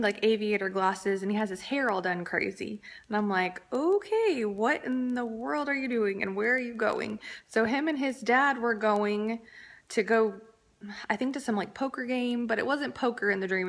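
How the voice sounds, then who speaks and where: A woman's voice: on the high side, fairly bright tone. A woman vlogger, around her thirties, casually telling a rambling story to camera, with fillers and asides.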